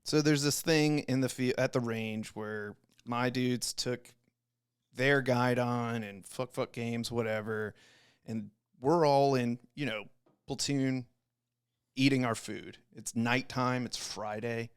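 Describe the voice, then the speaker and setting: A young man, a Navy corpsman and podcast guest, telling a story in a casual, animated way, full of swearing and acted-out quotes. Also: medium pitch, takes it slowly, smooth. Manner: profane, animated, acts out quoted voices.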